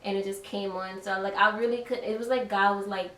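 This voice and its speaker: A young adult woman giving a reflective, soft-spoken personal testimony, often saying "like.". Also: medium pitch, fairly even intonation, a little fast. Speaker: daughter giving her testimony. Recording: echoey room, distant mic, faint hiss.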